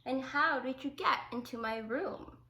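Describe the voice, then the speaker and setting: A stubborn little boy from a picture book, read by a woman, sulky and pleading. The voice is slightly high and slow, with some creak. The room is echoey. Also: pushed and bright, slight background noise, exaggerated voice. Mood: upset.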